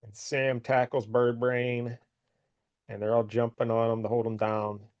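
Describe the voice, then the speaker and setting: Brief: man, mid pitch, easygoing comic recap chatter, slightly dull lo-fi sound. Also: level tone, unhurried, darkish tone. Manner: rambling, amused retelling with filler words. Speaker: podcast co-host. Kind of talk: casual chat, comic book recap.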